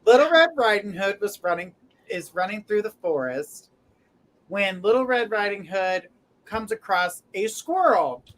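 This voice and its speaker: A woman's voice: medium pitch, expressive, measured pace, rough recording. A woman hosting a live stream as a tarot reader, chatting, encouraging viewers and laughing often. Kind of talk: live-stream chat and joke telling.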